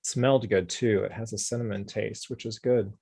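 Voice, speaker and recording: A man's voice: on the low side, steady tone, normal speed, creaky, darkish tone. A man hosting a casual craft livestream, joking around and reading out viewer comments. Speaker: host. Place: Orlando.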